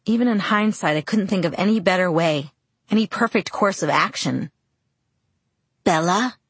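A woman reads a first-person story aloud in a steady, reflective manner. Her voice is somewhat low and husky, recorded close and dry. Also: fairly quick, no echo. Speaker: audiobook narrator. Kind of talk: first-person audiobook narration.

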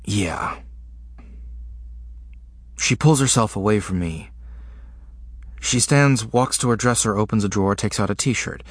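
A man narrating a first-person story in short, halting, intimate fragments. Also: fairly low pitch, dry recording.

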